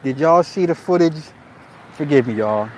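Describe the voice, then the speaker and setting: A man giving casual livestream commentary, animated and laughing often, swearing freely and restarting his sentences. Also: fairly high pitch, moderate pace, a little hiss or hum. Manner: frequent restarts and repeated words. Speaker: streamer reacting to viewer comments.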